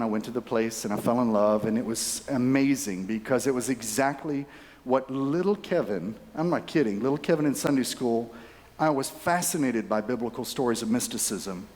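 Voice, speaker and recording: A man in his fifties tells a personal story at a conference keynote. His mid-pitched voice is chatty and animated, and he talks straight to the crowd. It rings out with a long reverb through a large hall. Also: a little fast. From Texas. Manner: animated, chatty, addresses audience directly. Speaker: keynote speaker.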